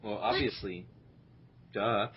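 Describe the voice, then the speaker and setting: A man's voice: lowish voice, fairly even intonation, slow pace, slightly rough, muffled recording. A man co-hosting a casual gaming podcast, sarcastic and teasing. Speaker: podcast co-host.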